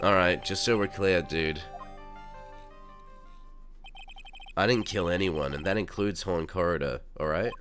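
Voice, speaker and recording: Streamer playing a self-absorbed surfer-dude celebrity, low and drawling, faint game music behind. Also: male voice, moderate pace, fairly bright tone. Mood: defensive. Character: laid-back vain male TV star, surfer dude.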